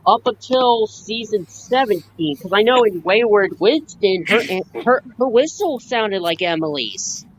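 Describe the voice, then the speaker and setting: A woman's voice: medium pitch, lively intonation, measured pace, few pauses. A woman chatting on a video call, hesitant and often correcting herself. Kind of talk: casual video-call chat. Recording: dull call audio with faint noise.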